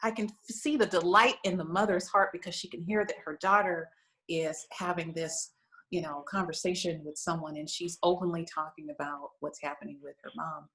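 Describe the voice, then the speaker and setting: A woman's voice: fairly low pitch, steady tone, fairly quick, a bit bright, rough recording. A woman guest on a talk show, sharing an emotional story in an earnest, conversational way, with frequent "you know" fillers. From United States. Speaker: guest, lingerie shop owner.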